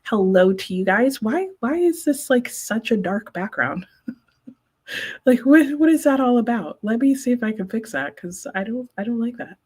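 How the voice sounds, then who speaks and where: A woman hosts live reading sprints, chatting casually and rambling to her stream viewers while sounding sleepy. Her voice is a little high and animated, with a slightly mellow, breathy edge, and she talks at a normal speed.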